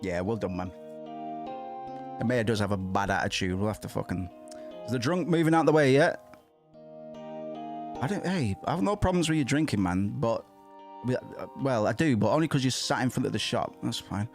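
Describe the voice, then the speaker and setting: A man's voice: medium pitch, normal speed, pauses often, over music. A man giving casual, irreverent and jokey commentary while streaming a video game. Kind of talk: casual let's-play commentary.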